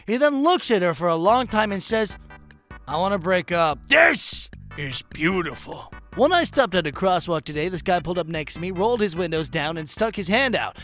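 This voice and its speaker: Animated high-voiced man reading funny posts. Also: moderate pace, few pauses, faint music behind. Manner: animated, jokey, swings between deadpan and loud. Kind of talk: comedic reading.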